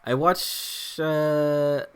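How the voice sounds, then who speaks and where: A man's voice: fairly high pitch, flat delivery, extremely slow, smooth. A man giving casual commentary while playing a video game, rambling, joking, swearing and laughing often. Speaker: let's play host.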